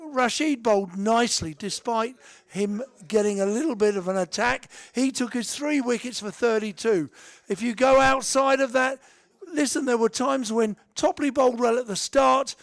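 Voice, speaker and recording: Excitable guy on cricket radio, highish voice, keeps repeating himself. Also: vocal fry, no room sound, studio quality. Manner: enthusiastic, emphatic, repeats himself. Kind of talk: radio sports commentary chat.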